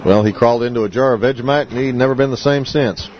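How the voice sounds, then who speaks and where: A man's voice: medium pitch, quick pace, lightly acted. An actor playing a laid-back, wisecracking male collector in a comedy radio play, with a dry, offhand delivery. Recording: slightly muffled recording.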